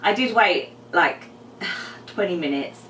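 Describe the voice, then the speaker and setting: A woman's voice: on the low side, lively intonation, slow pace, a bit bright, a little hiss or hum. A young woman, heavily pregnant and a little out of breath, chatting casually to camera in a vlog with lots of ums and likes. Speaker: vlogger. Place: home room, mower outside. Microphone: camera mic. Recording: echoey room, camera a bit far.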